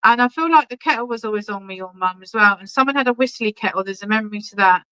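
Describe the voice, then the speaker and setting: Bright, clear-voiced woman medium. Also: mid-range voice, fast talker, poor audio. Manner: chatty and reassuring, keeps checking in with "okay?"; affectionate, calls people darling. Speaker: spiritualist medium. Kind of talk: clairvoyant readings at an online church service.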